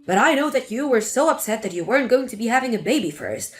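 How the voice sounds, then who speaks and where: A woman's voice: fairly high pitch, sing-song, quick pace, soft background music, voice pushed down. A woman voicing a spiteful, scornful older mother-in-law in a dramatic story reading. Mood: defensive. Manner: sneering, contemptuous.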